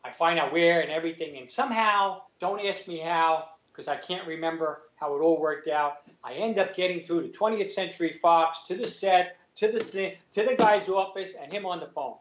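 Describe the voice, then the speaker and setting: A middle-aged man with a New York accent, a guest telling a story in animated, chatty fashion, acting out other people's lines and laughing often. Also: a little high, moderate pace, hardly any pauses, slight background noise. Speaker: guest, actor and former police sergeant. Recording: roomy, slightly dull lo-fi sound.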